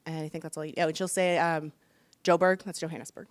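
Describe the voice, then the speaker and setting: A woman leads a workshop in a casual, chatty way, full of fillers. Her voice sits low and sounds smooth and clear. The sound is dry, with little room echo. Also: little pitch movement, quick pace. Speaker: workshop leader. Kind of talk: workshop presentation.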